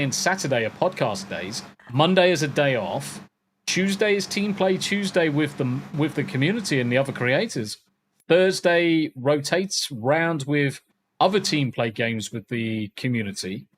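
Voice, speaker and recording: A fairly high-voiced man chats loosely on his podcast and wanders from topic to topic. He swears often and keeps it casual. An air conditioner hums and crackles behind him. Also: fairly bright tone. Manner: rambling and swears freely. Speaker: podcast host. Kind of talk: casual chat.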